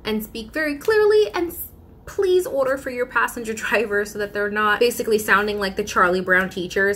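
A woman talking casually to camera in a vlog. She talks in an animated, pleading way and sounds exasperated. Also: a little high, moderate pace, slight background noise. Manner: animated, breaks into mimicked customer voices. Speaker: vlogger.

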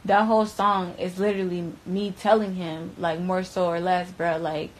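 A young woman recounting what happened in a loose, profane, rambling way, full of filler words, swinging between loud, animated bursts and hushed stretches. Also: on the low side, normal speed, rough recording. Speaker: interviewee recounting events. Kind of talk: casual storytelling.

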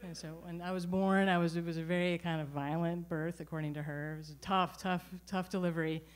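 A middle-aged woman telling a personal story at a live storytelling event, conversational and animated, with frequent restarts. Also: lowish voice, fairly quick. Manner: conversational, animated, self-correcting.

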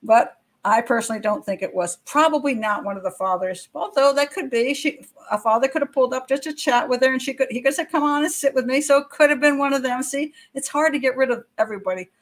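A woman's voice: high-pitched, fast. An older woman hosting true-crime commentary, giving frank, opinionated views straight to viewers with casual asides and rhetorical questions. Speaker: criminal profiler and channel host.

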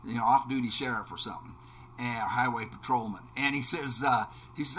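This let's play host has a husky, fairly bright voice of medium pitch and a brisk delivery. While gaming, he tells a casual anecdote riddled with restarts, fillers, and repeated words.

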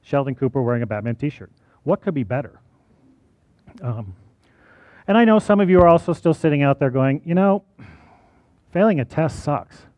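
A man's voice: mid-range voice, fairly quick, long pauses, darkish tone, no room sound. A male college teacher giving a personal talk to an audience, conversational and often checking in with "right?".

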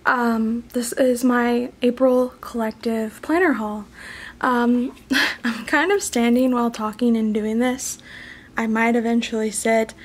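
A woman's voice: on the high side, a little hiss or hum. A woman vlogging a casual haul from her desk at home, rambling and chatty with lots of "um" and "like", sometimes dropping almost to a whisper. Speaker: planner vlogger and sticker shop owner.

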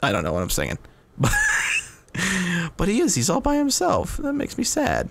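A man's voice: high-pitched, huge pitch swings, moderate pace, creaky, noisy background. A man hosting a let's play, giving casual gameplay commentary with laid-back, profane, giggly asides.

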